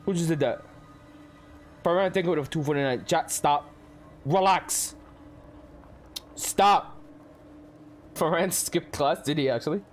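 A man's voice: a little high, measured pace, long pauses, slight background noise. A male streamer giving live commentary on a horror game, jumpy and swearing a lot while talking to his chat.

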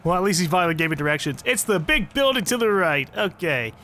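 A man's voice: high-pitched, very animated, fast, hardly any pauses, bright, forceful tone, slight background noise. A man giving sarcastic, joking commentary while playing a video game. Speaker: let's play commentator. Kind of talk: casual gaming commentary.

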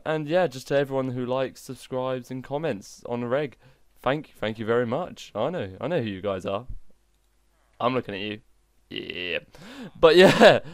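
Chatty guy doing game mod commentary, excitable, jokes at himself, dry mic. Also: mid-range voice, clean tone, no echo. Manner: excitable, chatty, self-mocking. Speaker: gaming channel host.

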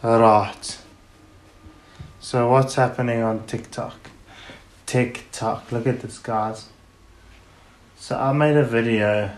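A man hosting a podcast alone, rambling in a blunt, casual way and swearing freely. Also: medium pitch. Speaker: podcast host. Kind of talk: casual solo podcast chat. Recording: echoey room.

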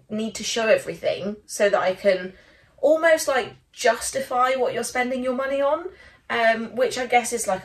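A woman's voice: mid-range voice, a little hiss or hum. A young woman chatting casually in a vlog from her small studio office, rambling with lots of ums. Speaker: small stationery business owner. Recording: voice a bit far from the mic.

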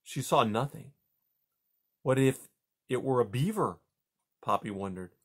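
A man reading a children's novel aloud. His voice sits at a middle pitch, and he takes the narration at an unhurried, measured pace. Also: animated, slightly rough. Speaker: reader.

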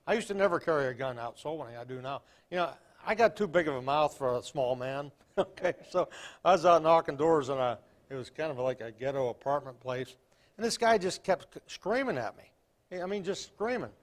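A man's voice: fairly high pitch, animated, a little fast. An older man preaching a folksy Baptist sermon, telling stories and reading King James verses with emphasis.

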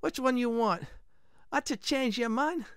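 A man's voice: very high-pitched, measured pace, a bit bright, clear, resonant tone, no echo, clean studio sound, pitched above the performer's own voice. A man voicing an impatient middle-aged male blacksmith in an exaggerated Italian accent. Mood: brusque. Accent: Italian, put on.

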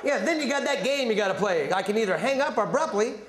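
A man from North Carolina doing an energetic stand-up comedy set, telling stories with quick asides to the crowd. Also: high-pitched. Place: comedy stage before a live audience. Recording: roomy live venue with loud crowd laughter. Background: audience laughter.

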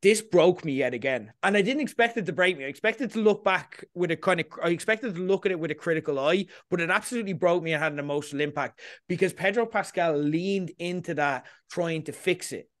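A man hosting a casual podcast chat, talking in an animated way and often asking "you know what I mean". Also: high voice, fast talker, hardly any pauses, no room sound, studio quality. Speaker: podcast host. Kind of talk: casual chat about a TV episode.

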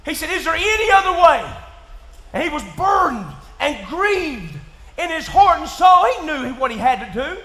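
A man with a Kentucky accent preaching in church, folksy and plain-spoken, dropping to quiet asides and rising to shouts. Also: very high-pitched, sing-song, normal speed. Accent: Southern US, Kentucky. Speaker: pastor. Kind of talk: sermon. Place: church sanctuary. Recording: echoey church room.

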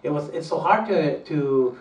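An older man from South Texas, speaking haltingly and with admiration about his mother in an oral history interview. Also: fairly high pitch, lively intonation. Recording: roomy, distant mic.

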